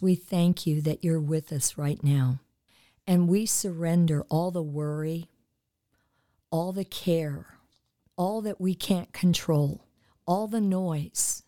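A woman, a guest on a Christian talk show, leading a slow, soft, devout spoken prayer. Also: fairly low pitch, no room sound, studio quality.

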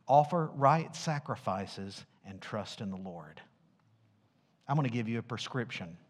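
Animated, slow-preaching man pastor. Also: lowish voice. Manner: emphatic preaching with call-and-response questions, dropping to hushed tones. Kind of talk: sermon.

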